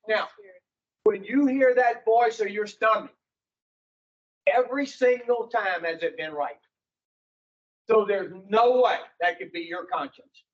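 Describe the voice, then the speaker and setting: A man's voice: sits high, highs cut off. A man speaking to an addiction recovery group in a folksy, preaching way, putting rhetorical questions to his listeners.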